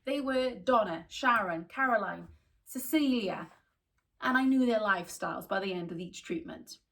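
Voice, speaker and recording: A woman from Wales, a skin therapist telling candid stories in a podcast chat, animated and full of restarts. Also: mid-range voice, normal speed, vocal fry. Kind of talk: casual storytelling in a podcast chat.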